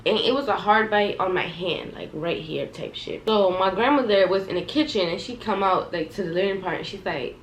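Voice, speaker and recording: A young adult woman telling a storytime vlog, animated and profane, talking straight to her viewers. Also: mid-range voice, normal speed, a little hiss or hum. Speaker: vlogger. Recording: echoey room, faint ambience.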